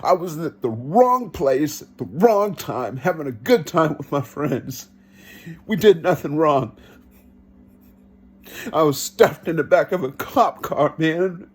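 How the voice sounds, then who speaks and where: A man giving an earnest first-person testimony, telling it slowly and reenacting his own pleas. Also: fairly high pitch, lively intonation, breathy edge. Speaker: vlogger.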